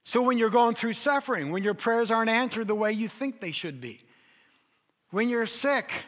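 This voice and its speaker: High, bright-voiced older male pastor preaching. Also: lively intonation, moderate pace. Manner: emphatic preaching, acts out quoted voices. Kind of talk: sermon. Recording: reverberant hall.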